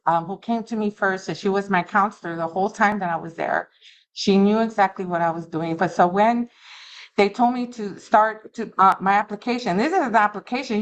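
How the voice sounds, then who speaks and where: A middle-aged woman giving an earnest, halting personal recovery testimony at a meeting. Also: medium pitch, rough recording. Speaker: alumni speaker at a recovery meeting. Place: meeting room.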